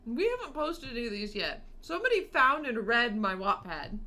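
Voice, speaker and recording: Bright, animated young woman telling stories. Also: a little high, moderate pace. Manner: animated storyteller who acts out quotes and laughs a lot. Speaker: podcast co-host. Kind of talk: casual chat.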